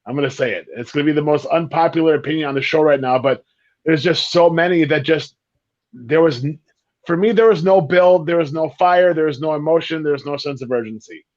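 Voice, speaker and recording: A man's voice: fairly high pitch, brisk, darkish tone, muffled recording. A man on a wrestling talk panel giving earnest, critical opinions and repeating points for emphasis. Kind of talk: casual panel chat, opinionated.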